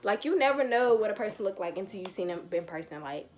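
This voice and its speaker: A young woman, telling a slangy, animated storytime with quoted asides in a casual vlog. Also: medium pitch, quick pace, slight background noise. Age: young adult. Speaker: vlogger.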